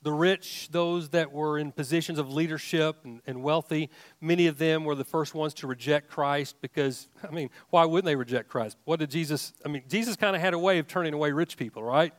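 A man's voice: on the high side, fairly quick, no room sound. A man preaching a sermon, emphatic, with rising questions and frequent restarts. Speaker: pastor.

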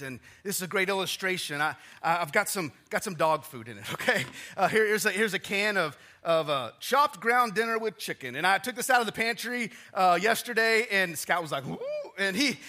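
A man preaching a casual, conversational sermon in a church, often restarting phrases and dropping low and quiet for emphasis. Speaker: pastor.

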